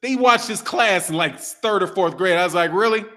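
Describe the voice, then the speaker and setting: A man's voice: high voice, moderate pace. A man in his thirties hosting a boxing channel, talking casually and profanely, trash-talking while reading a live chat. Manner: animated, profane, trash-talking, laughs often.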